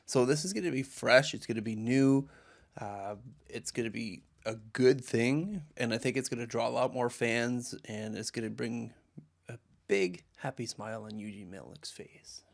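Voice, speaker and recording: A man's voice: mid-range voice, moderate pace, creaky. A man co-hosting a casual hockey podcast, easygoing and agreeable. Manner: easygoing, agreeable, trails off mid-thought. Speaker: podcast co-host.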